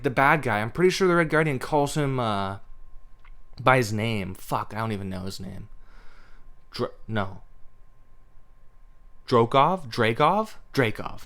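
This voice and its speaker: A man hosting a podcast, rambling through a profane, casual rant about a movie with lots of filler words. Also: medium pitch. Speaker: podcast host.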